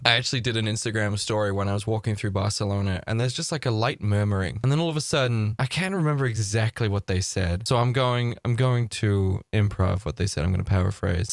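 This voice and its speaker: A man hosting a reaction video, ranting in animated, sarcastic casual commentary and swearing freely. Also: fairly low pitch, fast talker, dry recording, clean studio sound.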